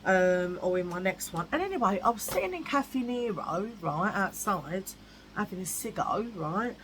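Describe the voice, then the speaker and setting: A woman's voice: mid-range voice, lively intonation, moderate pace, a bit bright, slight background noise, low-quality recording. A woman vlogging in a blunt, chatty way, repeating herself for emphasis. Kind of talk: casual chat.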